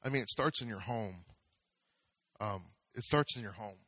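A man's voice: lowish voice, normal speed, sharp tone, dry recording, rough recording. A man preaching a sermon as pastor, talking conversationally and building to fervent exhortation.

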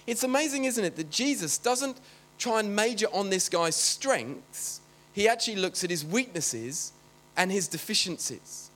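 A man's voice: high voice, expressive, a little slow, a bit bright. A man preaching a sermon in a chatty, joking way, often breaking off to talk to the congregation. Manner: chatty, joking, self-interrupting.

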